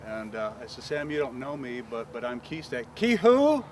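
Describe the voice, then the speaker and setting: A pastor telling a story outdoors, acting out the voices of the people in it. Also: male voice, medium pitch, moderate pace, slight background noise. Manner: animated storyteller acting out quoted dialogue. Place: outdoors on a paved property.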